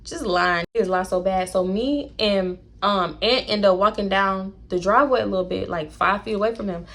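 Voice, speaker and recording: A woman's voice: medium pitch, normal speed, a bit bright. A young woman telling a storytime to her viewers, blunt and chatty, swearing freely. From Houston, Texas. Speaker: storytime vlogger. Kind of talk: casual storytelling to camera.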